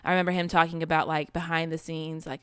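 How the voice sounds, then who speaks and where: A woman's voice: low voice, little pitch movement, quick pace, fairly bright tone, clean tone, no echo. A young woman co-hosting a casual podcast chat, blunt and laughing often as she swears through her opinions. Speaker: podcast co-host.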